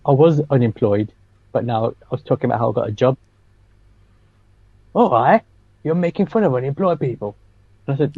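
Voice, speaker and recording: A man's voice: mid-range voice, no room sound, highs cut off. A man co-hosting a podcast, chatting casually and telling anecdotes with frequent laughs. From England. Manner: anecdotal storyteller, laughs often. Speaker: podcast co-host, stand-up comedian. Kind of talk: casual chat.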